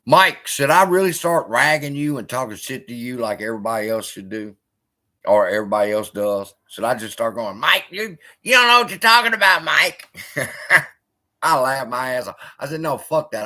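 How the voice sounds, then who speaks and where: Hosting a live stream, a man answers viewers in a brisk, mid-range voice. He's profane and animated, swearing freely and heckling the chat in casual conversation.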